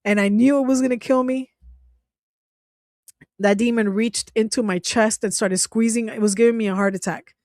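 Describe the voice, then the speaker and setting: A woman's voice: a little high, fairly even intonation, normal speed, a little mellow, no echo, clean studio sound. A woman hosting her own channel, telling a personal story in casual talk. She is emotional, restarts often and laughs now and then as she speaks. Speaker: channel host.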